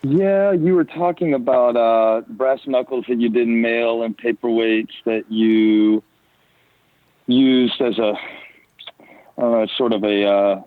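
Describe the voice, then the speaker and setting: A man's voice: mid-range voice, steady tone, slow, no room sound. A man from the American South with a Southern accent, a pastor calling in as a guest, playful and chatty. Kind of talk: casual phone conversation. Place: on a porch. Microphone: phone call. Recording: tinny dry phone line.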